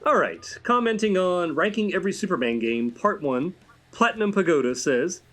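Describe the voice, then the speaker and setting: A man hosts a casual podcast and reads viewer comments in an animated, expressive way. His voice sits a little high and swings widely in pitch. Faint guitar music plays in the background. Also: normal speed. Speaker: podcast host.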